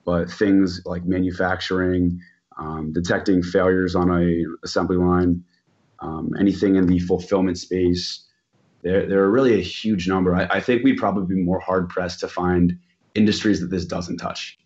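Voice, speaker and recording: A man's voice: low voice, little pitch movement, normal speed, darkish tone, lo-fi sound. A man guest explaining a technical topic, filling his sentences with "um" and "you know". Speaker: expert guest.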